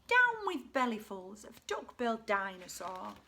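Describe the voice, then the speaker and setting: A woman voicing a gentle, timid young tyrannosaurus boy in a storybook. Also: medium pitch, wildly swooping pitch, a little slow, full character voice. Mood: plaintive.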